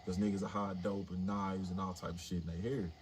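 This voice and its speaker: A man's voice: deep voice, flat delivery, a little fast, a little mellow. A man in his forties telling a story casually and animatedly on a livestream, swearing freely. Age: 40s. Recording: noisy livestream audio.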